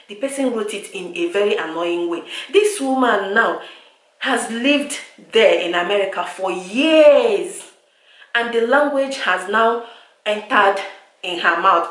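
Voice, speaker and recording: A woman's voice: mid-range voice, a bit bright. A Nigerian woman venting to camera in a vlog, exasperated and repetitive, slipping into pidgin. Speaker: vlogger. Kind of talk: direct-to-camera vlog rant. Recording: echoey room.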